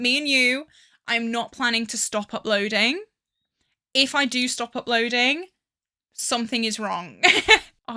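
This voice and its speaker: A young woman chatting excitably and gossiping as she does her makeup for a get-ready-with-me vlog. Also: a little high. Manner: bubbly, excitable and gossipy, with frequent laughs. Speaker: beauty vlogger. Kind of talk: get-ready-with-me chat while doing makeup.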